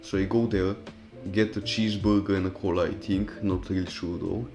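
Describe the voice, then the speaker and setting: A man's voice: deep voice, flat delivery, moderate pace, over music. A young man casually telling a personal story over gameplay, profane and rambling, with loose restarts. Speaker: storytime commentary YouTuber.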